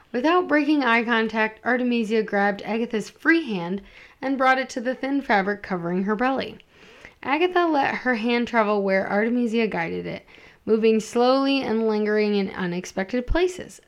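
A woman reading a romance story aloud, amused, with small slips and restarts as she goes. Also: mid-range voice. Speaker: story reader and co-host.

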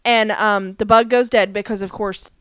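A woman's voice: mid-range voice, fairly even intonation, moderate pace, fairly bright tone, a little hiss or hum. A woman co-hosting a podcast, chatting casually as she recaps a TV episode with lots of fillers. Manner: chatty, many fillers, acts out quotes. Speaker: podcast co-host.

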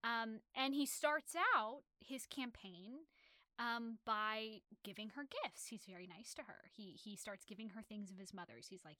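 Sitting close to the mic in a space with no room sound or echo, a woman with a bright, crisp, slightly high voice chats casually about a novel. She retells the plot at an unhurried pace, animated and rambling, full of fillers and restarts.

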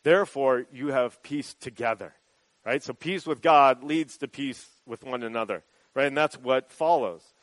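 A man's voice: medium pitch, moderate pace, no room sound, low-quality recording. A man preaching a sermon as pastor, in a conversational way that keeps checking in with the listeners. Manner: conversational, often adds "right?" as a check-in.

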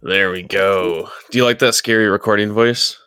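A man's voice: fairly low pitch, fairly even intonation, moderate pace, sharp tone, faint music behind. A young man hosting a podcast, chatting casually over a remote call, rambling and joking with frequent laughs. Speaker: podcast host. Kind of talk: casual chat. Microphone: remote call over Discord.

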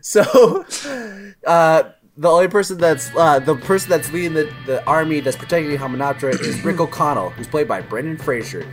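Animated young man recapping a film. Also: a little high, normal speed, soft background music. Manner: animated, laughing, loose storytelling.

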